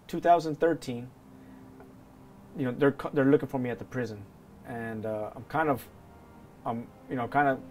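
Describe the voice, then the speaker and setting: A man's voice: medium pitch, darkish tone, a little hiss or hum. A man being interviewed for a documentary, telling a personal story in an earnest, hesitant way with many restarts.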